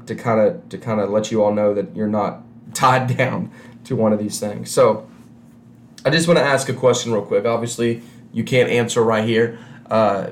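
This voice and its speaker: Preaching to a camera with no one else there, a man uses a lowish voice in a reverberant space, with a little hiss or hum on the recording. He talks conversationally and returns to key phrases again and again for emphasis.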